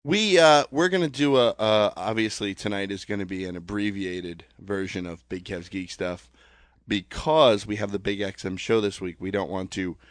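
Guy hosting a geek podcast, kinda low voice, throat a bit sore, dry close mic, joking around. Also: steady tone, normal speed, no room sound. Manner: joking, rambling with fillers. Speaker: podcast host. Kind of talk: casual chat.

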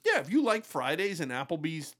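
A man with a somewhat high voice chats casually. He is outgoing and wry as he tells his story. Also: sing-song, brisk, sharp tone. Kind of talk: casual podcast chat.

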